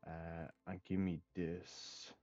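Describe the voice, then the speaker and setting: Young male let's-play host, low-pitched, hesitant and offhand, dry muffled home mic. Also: level tone, slow, mellow, no echo, soft background music. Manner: rambling, many ums and uhs; casual, swears offhandedly. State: hiccups. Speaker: gaming channel host. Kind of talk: casual let's play commentary.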